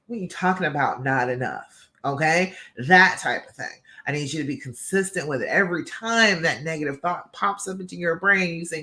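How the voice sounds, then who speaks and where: A woman's voice: deep voice, a little fast, hardly any pauses, bright, forceful tone. A woman love coach talking to her audience on a live stream. She is upbeat and encouraging, and she keeps asking "okay?" and "all right?" as she coaches them.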